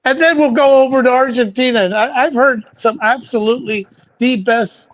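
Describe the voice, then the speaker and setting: A man co-hosting a casual chat, loud and joking, often laughing. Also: extremely high pitch, normal speed. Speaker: podcast co-host. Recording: dull lo-fi sound.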